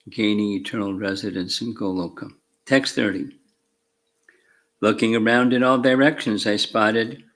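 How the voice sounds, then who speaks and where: A man reading scripture verses aloud and adding commentary as a spiritual teacher, slow and measured with fervent emphasis on key words. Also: on the low side, a bit bright. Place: temple class room.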